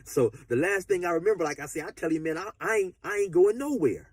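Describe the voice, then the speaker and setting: A man's voice: high voice, expressive, fast talker, no echo. A man telling a story casually, rambling with repeated fillers.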